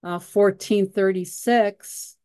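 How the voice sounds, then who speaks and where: A woman's voice: mid-range voice, steady tone, slow, dark tone, clear, resonant tone, no echo. A woman leading a Bible study who reads scripture passages aloud and explains them with frequent fillers and repeated words.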